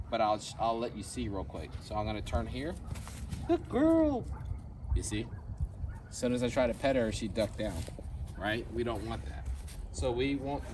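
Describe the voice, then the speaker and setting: A man demonstrating dog training outdoors, explaining each step in a relaxed way and tagging his points with "right?" He sounds a bit away from the mic, with steady background noise around him. His voice sits at an ordinary middle pitch. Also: far from the mic. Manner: switches to a high squeaky praise voice for the dog.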